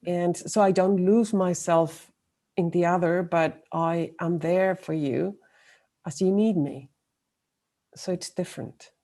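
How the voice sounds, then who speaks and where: Woman, webinar participant, mellow low voice, very slow, reflective. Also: steady tone. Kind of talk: discussion comment. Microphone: video call.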